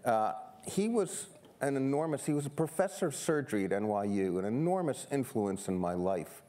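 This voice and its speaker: An older man from New York City, telling stories on stage as a guest photographer, animated and self-deprecating, often restarting his sentences. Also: medium pitch, moderate pace. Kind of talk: humorous stage conversation. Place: seminar stage before an audience.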